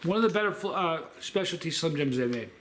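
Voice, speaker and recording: Chatty guy rambling through a funny story, voice on the high side, bit of hiss behind. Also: lively intonation, fast talker, fairly bright tone. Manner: rambling, chatty anecdote telling with many fillers. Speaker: food review vlogger. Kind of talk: casual storytelling vlog.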